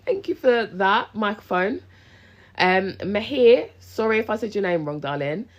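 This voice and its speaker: A woman's voice: mid-range voice, expressive, a little slow, lo-fi sound. A young woman, a business coach, chatting casually and animatedly on a phone live stream, full of slang and talking straight to her viewers. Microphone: handheld phone live stream.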